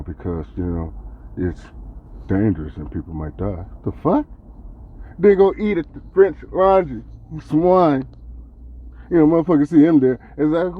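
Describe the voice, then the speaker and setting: A man hosting a podcast, delivering a profane, heated and sarcastic rant that swings between loud outbursts and low mutters. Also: highs cut off. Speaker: podcast host. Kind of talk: ranting commentary monologue.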